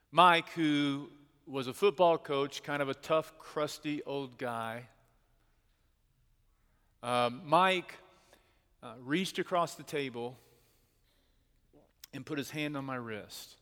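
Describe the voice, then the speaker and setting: A man preaching a sermon as pastor, telling a personal story in an earnest way and slowing down to stress key words. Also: fairly high pitch, sharp tone. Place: church sanctuary. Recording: long hall reverb.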